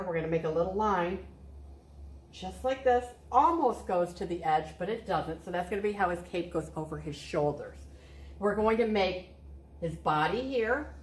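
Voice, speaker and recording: Encouraging woman teaching kids to draw. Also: lowish voice. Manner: cheerful, encouraging, talks to children directly. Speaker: art teacher. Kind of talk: step-by-step drawing lesson for kids. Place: art studio. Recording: echoey room.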